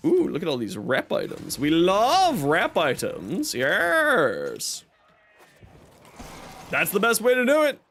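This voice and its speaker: On a live game stream, a young man with a high voice and huge pitch swings talks at normal speed with few pauses. He keeps up upbeat, casual chatter, thanking viewers and announcing giveaways as he games.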